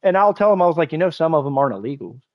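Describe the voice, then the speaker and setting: Rapid-fire and expressive, this young man's voice runs on the high side as he rants through a game live stream at home on his console, heated, profane, rambling, and constantly restarting. The audio has its highs cut off and a little hiss or hum.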